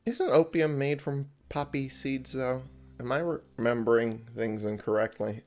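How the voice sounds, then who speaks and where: A man's voice: mid-range voice, fairly even intonation, moderate pace, darkish tone. A man giving casual gameplay commentary, sleepy and yawning, chatty and thinking aloud with frequent chuckles. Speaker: let's play gamer.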